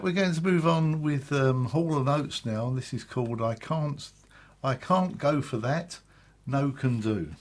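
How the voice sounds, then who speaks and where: Male radio presenter, middle-aged, English, chatty rambling links, mid-range voice. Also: mid-range voice. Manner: chatty, rambling, chuckles to himself. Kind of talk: casual radio link between songs.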